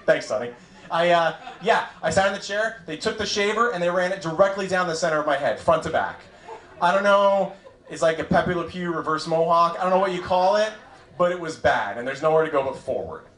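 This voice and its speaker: A man's voice: on the high side, lively intonation, a little fast, fairly bright tone. A young man doing a stand-up set as host, self-deprecating and chatty with the crowd, speaking into a handheld mic on a club stage. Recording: roomy club sound. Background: audience laughter.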